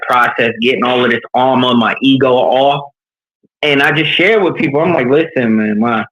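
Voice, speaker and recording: A man's voice: medium pitch, highs cut off. Earnest man from New York coaching. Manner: earnest, animated storytelling. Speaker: leadership coach. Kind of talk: candid conversational interview.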